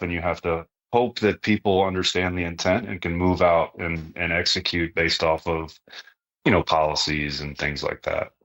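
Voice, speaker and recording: A middle-aged man with a low voice talks in a relaxed, conversational way. He is plain-spoken and often ends a point with "right?", like a retired sergeant major explaining how things work. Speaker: podcast guest, retired army sergeant major. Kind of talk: casual conversational interview.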